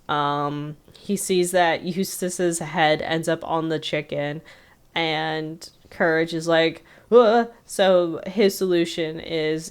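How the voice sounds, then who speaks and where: Smooth low-voiced woman rambling casually. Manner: rambling, filler-heavy retelling with frequent "like". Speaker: podcast co-host. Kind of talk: casual chat recapping a cartoon episode.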